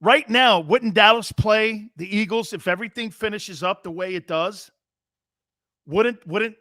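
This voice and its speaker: Middle-aged man, sports talk host, rambling, profane, fairly high voice, dry close sound. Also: no room sound. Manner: rambling, animated, profane storytelling. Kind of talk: casual sports talk banter.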